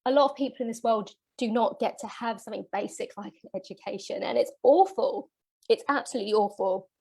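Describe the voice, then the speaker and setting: A woman's voice: medium pitch, a little mellow. A woman business coach giving an earnest, motivational masterclass, getting emotional as she talks. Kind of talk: live masterclass presentation.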